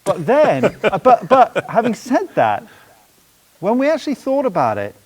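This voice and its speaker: An Englishman with a higher-pitched voice that swings widely as he talks. He tells stories casually and acts out quoted remarks. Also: wildly swooping pitch, moderate pace, darkish tone, husky. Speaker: film studio co-founder. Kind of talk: casual storytelling in conversation.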